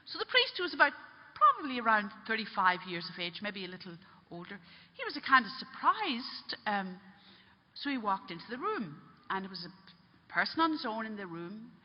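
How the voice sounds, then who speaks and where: A woman telling a story in a religious talk, earnest and unhurried, pausing and restarting as she goes. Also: mid-range voice, big pitch swings, long reverb tail, muffled recording.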